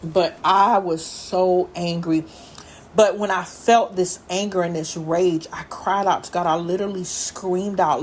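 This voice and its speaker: Earnest low-voiced woman podcast host. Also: fairly even intonation, unhurried, a little hiss or hum. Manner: earnest, storytelling, loops back and repeats. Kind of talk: personal faith-based talk.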